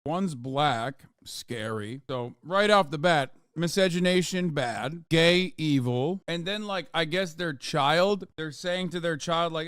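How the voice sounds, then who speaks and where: A man's voice: a little high, slow pace, hardly any pauses, a bit bright, smooth, no room sound, clean studio sound. A man streaming his reactions to clips in a casual rant, sarcastic and profane, with mocking asides.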